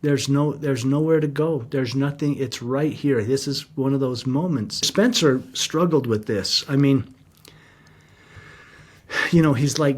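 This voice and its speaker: A man's voice: medium pitch, unhurried. Earnest middle-aged man telling his story. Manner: earnest, heartfelt, reflective. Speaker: guest. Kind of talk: personal storytelling in an interview.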